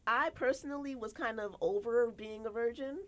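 A young American woman, a podcast co-host, telling stories in casual chat and acting out quotes with big jumps in her voice. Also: moderate pace. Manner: animated, acts out quotes with big pitch jumps.

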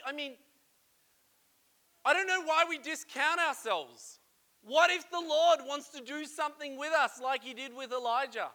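An emotional pastor preaching a sermon in church, moving from hushed, confiding talk to loud, fervent calls. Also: male voice, very high-pitched. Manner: emotional, swings from hushed to shouting.

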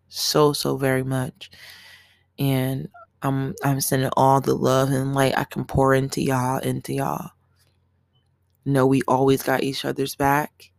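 A woman's voice: extremely low pitch, vocal fry, no room sound, clean studio sound. A young woman hosting her own podcast, talking earnestly and emotionally in a candid, profane solo monologue. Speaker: podcast host.

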